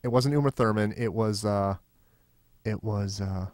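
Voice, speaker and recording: A man co-hosting a podcast in casual chat, telling rambling anecdotes and getting loud and excited. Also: lowish voice, unhurried, no echo, studio quality. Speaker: podcast co-host.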